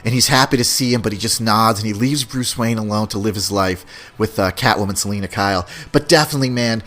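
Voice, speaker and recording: A man hosting a podcast in a casual, rambling, animated chat, laughing often. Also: lowish voice, fast talker. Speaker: podcast host.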